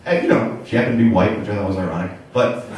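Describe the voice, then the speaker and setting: A man's voice: fairly low pitch, racing, slight background noise. A young man doing a stand-up set on a club stage, talking in a loose, rambling way full of "like" and swearing. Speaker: stand-up comedian. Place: comedy club stage, live show. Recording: echoey club taped from far off, audience laughter.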